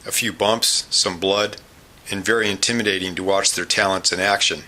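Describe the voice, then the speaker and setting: A man reading scripted documentary narration in an even, measured way. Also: low-pitched. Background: loud guitar music.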